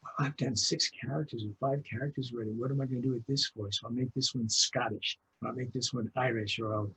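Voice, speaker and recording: An older man, a voice actor being interviewed, telling lively stories and acting out voices as he recalls his work. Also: mid-range voice, brisk, slight background noise, low-quality recording. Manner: lively storyteller, acts out voices. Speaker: guest voice actor.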